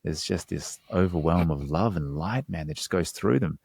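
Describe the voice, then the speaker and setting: Low-voiced guy on a podcast, earnest, explains stuff with casual slang, dry close mic. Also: expressive, moderate pace, gravelly, darkish tone, husky, dry recording. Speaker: hypnotherapist guest.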